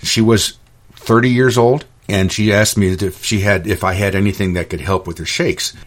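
A man's voice: lowish voice, steady tone, normal speed. A middle-aged man and store owner ranting in a monologue on his own show, indignant and stumbling over restarts. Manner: indignant, repetitive, stammering restarts. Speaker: podcast host and store owner.

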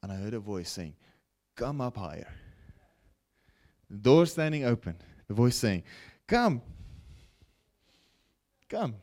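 A man preaching a broadcast sermon, with animated rises and falls and frequent "okay?" check-ins to his listeners. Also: fairly low pitch, moderate pace. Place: broadcast teaching setting.

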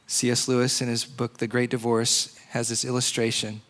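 Male preacher, mid-pitched, casual and chatty sermon delivery. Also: normal speed. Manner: conversational, animated, uses "like" a lot.

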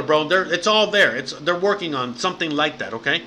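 Male livestream host, slightly high and very bright voice, loose and profane delivery. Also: animated, fairly quick, a little hiss or hum. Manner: rambling and profane, says bro and man often. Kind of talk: casual livestream chat.

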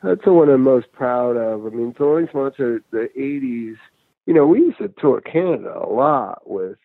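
A man's voice: mid-range voice, lively intonation, normal speed, vocal fry, no echo. A man in his fifties, a guest counselor and musician, telling his story in a rambling, conversational way over a phone call. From United States. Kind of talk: casual interview over phone. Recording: tinny phone line, dry.

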